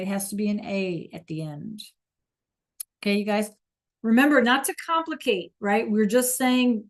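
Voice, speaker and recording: A woman teaching a beginner Spanish class, praising students by name and checking that they follow along. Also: medium pitch. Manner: encouraging, repeats praise and checks understanding.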